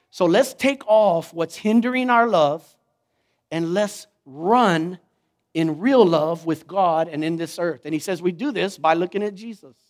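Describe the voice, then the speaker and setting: A man preaching a sermon in an animated way, acting out the voices he quotes. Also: sits high. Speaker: pastor.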